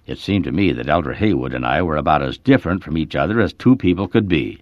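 A man's voice: rumbling low, lively intonation, fast, few pauses, no room sound. A man reading a short story aloud as its narrator, telling it expressively and leaning into key words, on a dull lo-fi recording.

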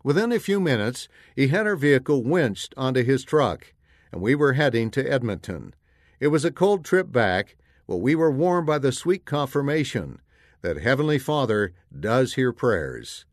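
A man from Canada reading a personal story aloud in an earnest, measured narration. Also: medium pitch, sing-song, dry recording, studio quality. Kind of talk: scripted narration.

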